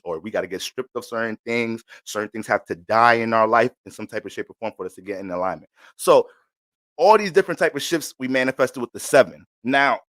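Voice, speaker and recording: A man's voice: mid-range voice, a bit bright, no room sound. A man talking casually and profanely about astrology on his own channel, joking as he goes. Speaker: astrology vlogger. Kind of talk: casual monologue.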